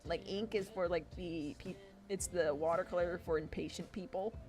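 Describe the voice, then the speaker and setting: A woman's voice: lowish voice, fairly even intonation, normal speed, darkish tone. A woman streamer chatting casually while she draws, ranting with lots of swearing and acting out imagined arguments. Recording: music playing behind. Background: music.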